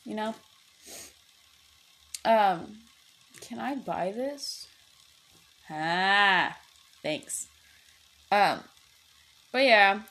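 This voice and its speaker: A woman's voice: mid-range voice, expressive, drawn-out words, pauses often, sharp tone. Rambling, swearing young woman podcaster. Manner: rambling, swears freely, many fillers and restarts. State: headache, distracted while playing a game. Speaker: podcast host. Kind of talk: casual chat.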